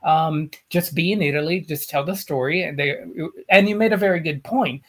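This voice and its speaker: A man's voice: fairly high pitch, normal speed, fairly bright tone. A man co-hosting a casual film chat, speaking emphatically and often repeating words while he searches for them. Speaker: podcast co-host.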